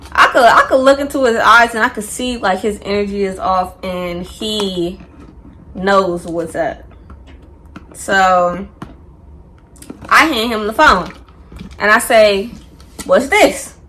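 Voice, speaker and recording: Animated young woman telling a storytime. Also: medium pitch, slow pace, long pauses, slight background noise. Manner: animated, slangy, acts out quotes. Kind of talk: casual storytime.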